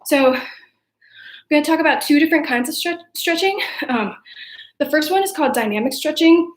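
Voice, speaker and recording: Upbeat woman coach leading a home workout, winded, high-pitched, recorded off-mic in a roomy space. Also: fairly quick. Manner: upbeat, counting reps aloud, encouraging. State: out of breath. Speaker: youth sports coach. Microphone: camera mic at a distance. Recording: echoey room, voice from off-mic.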